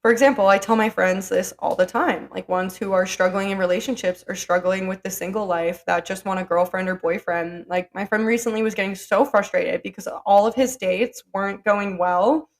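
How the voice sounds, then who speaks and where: A woman's voice: medium pitch, fairly even intonation, moderate pace, few pauses. A woman hosting a solo podcast, talking in a chatty, blunt, profane way full of "like". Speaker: podcast host. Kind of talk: casual solo podcast monologue.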